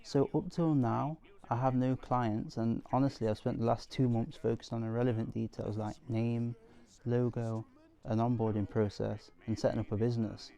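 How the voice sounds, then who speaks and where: A man's voice: medium pitch, flat delivery, moderate pace, creaky, mellow. A young man narrating a reflective vlog voice-over about building his business, earnest and self-critical. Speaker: aspiring marketing agency owner. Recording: music bed under voice.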